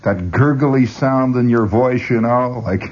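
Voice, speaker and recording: Husky, rambling male radio host. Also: mid-range voice, slow pace. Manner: stammering restarts, chuckling asides. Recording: dull lo-fi radio recording.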